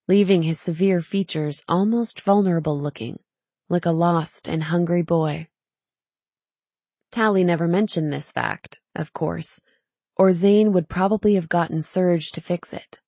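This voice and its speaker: A woman's voice: fairly low pitch, a little slow, dark tone, breathy edge, no room sound. Woman narrating a novel, dry sound. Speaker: audiobook narrator. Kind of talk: scripted narration.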